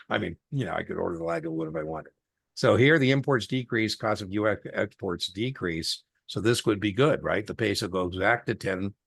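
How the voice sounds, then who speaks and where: A middle-aged man with a low, gravelly, slightly husky voice tutors a student one-on-one over a video call. He talks in a chatty, folksy way, full of anecdotes and fillers. The sound is dry and close. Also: fairly quick, fairly bright tone, no room sound. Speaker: exam tutor.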